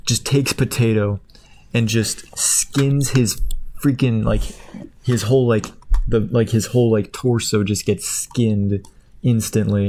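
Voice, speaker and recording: A man rambling through the plot of a movie while clicking away, jumping into high squeaky voices for the characters. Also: fairly even intonation, a little slow, warm tone, a little hiss or hum. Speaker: streamer. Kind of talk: casual chat while clicking.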